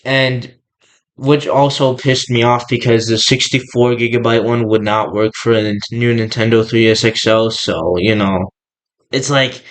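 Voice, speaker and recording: A man's voice: medium pitch, steady tone, moderate pace, poor audio. A young man rambling casually in a gaming vlog, restarting his sentences often. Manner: rambling, many restarts and filler words. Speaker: gaming vlogger.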